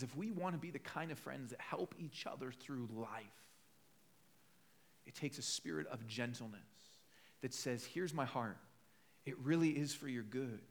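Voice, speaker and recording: A conversational male preacher. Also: medium pitch. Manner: conversational preaching, acts out quoted voices, storytelling asides. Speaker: pastor. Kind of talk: sermon.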